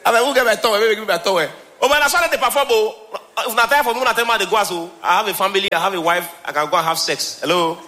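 A man with a Nigerian accent performing a stand-up comedy special on stage, animated, slipping between Pidgin and English and laughing often. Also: high voice, racing, few pauses. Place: stage before live audience.

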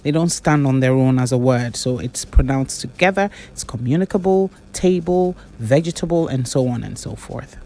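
A woman's voice: very deep voice, moderate pace, hardly any pauses, warm tone. A woman, a diction and public speaking coach giving corrective feedback on debaters' pronunciation.

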